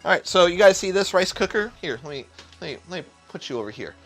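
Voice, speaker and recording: A man's voice: high-pitched, big pitch swings, fast, fairly bright tone, soft background music. A young man chatting through a casual cooking livestream from a home kitchen, rambling, swearing a lot and sounding hyped. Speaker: cooking streamer. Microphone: neck-mounted camera.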